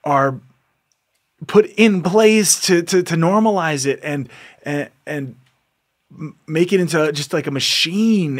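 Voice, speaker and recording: This podcast host has a high-pitched voice. He delivers an earnest motivational monologue that exhorts listeners, frequently repeating himself and laughing between lines.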